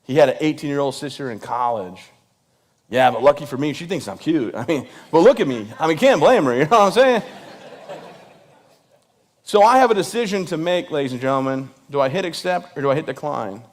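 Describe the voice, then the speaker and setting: A Michigan veteran with a fairly high, expressive voice performs stand-up, telling a comic story a little fast. He jokes at his own expense and speaks directly to the audience.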